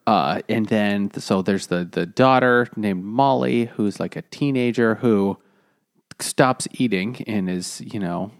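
A man co-hosting a casual book podcast, recapping the plot haltingly with dry, sarcastic asides. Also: fairly low pitch. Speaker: podcast co-host summarizing the book. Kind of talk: casual chat over beers.

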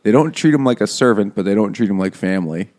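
A man in casual book talk, speaking in a dry, wry, deliberate way. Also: fairly low pitch, expressive, a little mellow.

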